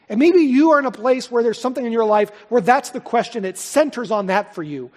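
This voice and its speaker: Male pastor, high husky voice, emphatic preacher who swings from loud to hushed, long hall reverb. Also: lively intonation, normal speed. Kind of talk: sermon.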